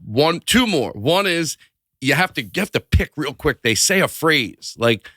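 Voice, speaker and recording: Animated man acting out bits, dry sound. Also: on the high side, a little slow, no echo. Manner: animated, acts out bits with sudden loud outbursts. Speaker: podcast guest. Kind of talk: casual chat.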